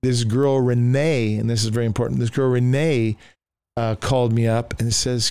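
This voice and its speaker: A man's voice: medium pitch, normal speed, clean tone, dry recording. Pastor telling his story with animation. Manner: animated, acts out the voices of people in his story. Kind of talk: storytelling in a conversation.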